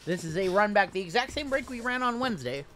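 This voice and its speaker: A man hosting a live-stream card break, chatty and reading lists of names quickly. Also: high-pitched, sing-song, a bit bright.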